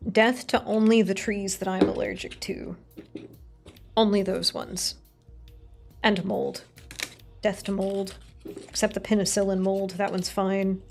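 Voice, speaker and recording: A woman's voice: medium pitch, little pitch movement, unhurried, gravelly, pauses often, a little mellow, faint music behind. A woman streamer in casual, rambling chat while crafting on stream, swearing now and then and poking fun at herself. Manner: rambling, sweary, self-mocking.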